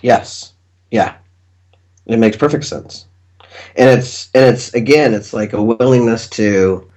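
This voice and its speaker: A man's voice: lowish voice, a little mellow. A man in casual conversation, musing reflectively on spiritual ideas and laughing often. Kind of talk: casual chat.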